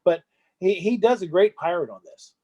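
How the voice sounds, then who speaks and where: A man's voice: sits high, lively intonation, normal speed, dark tone, muffled recording. A man who hosts movies, chatting casually and rambling in an interview. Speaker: movie host.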